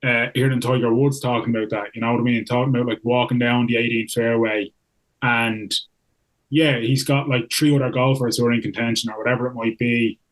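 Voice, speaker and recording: Man host, mid-pitch, playful puns, loose chatty delivery. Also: flat delivery, brisk, poor audio. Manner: jokey, loose, lots of "like". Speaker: podcast co-host. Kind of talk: casual podcast chat.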